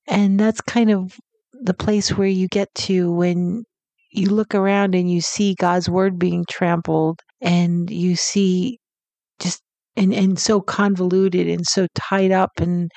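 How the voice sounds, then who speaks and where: A woman's voice: fairly low pitch, level tone, unhurried, warm tone, no room sound. A woman co-hosting a faith podcast, reading a children's novel aloud and reflecting on it in casual conversation. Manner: reads passages aloud, then reflects. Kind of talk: casual discussion and book reading.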